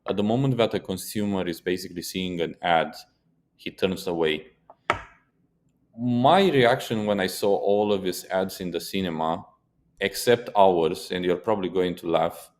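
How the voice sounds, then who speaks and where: A man with a very low voice co-hosts a casual podcast discussion. He tells stories with animation and drops curse words for emphasis. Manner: animated storyteller who swears for emphasis. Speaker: podcast co-host.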